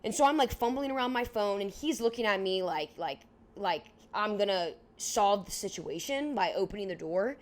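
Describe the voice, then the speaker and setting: A young woman in her twenties co-hosting a podcast, telling a story in a casual, animated way, filling it with "like" and acting out what people said. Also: medium pitch, moderate pace. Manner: animated, heavy use of "like", acts out dialogue. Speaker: podcast co-host.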